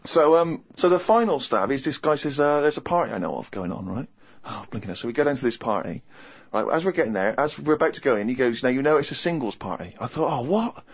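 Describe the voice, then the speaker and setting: A man, hosting a podcast, telling a comic anecdote in an animated, exasperated, self-mocking way. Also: mid-range voice, fast talker, breathy edge, lo-fi sound.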